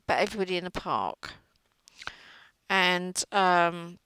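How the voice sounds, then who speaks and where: Slow-talking chatty woman. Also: medium pitch, pushed and bright, smooth, no room sound, low-quality recording. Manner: chatty, gossipy, trails off mid-sentence. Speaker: crochet vlogger. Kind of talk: casual chat while crocheting.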